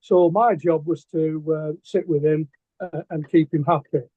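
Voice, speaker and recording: A middle-aged man with a Lancashire accent tells his stories in a casual interview, halting often with ums and restarts. His voice sits fairly high. The sound is dry and thin, like a phone line. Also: fairly even intonation, dark tone, husky, no echo. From England. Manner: hesitant, many ums and restarts. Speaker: guest artist.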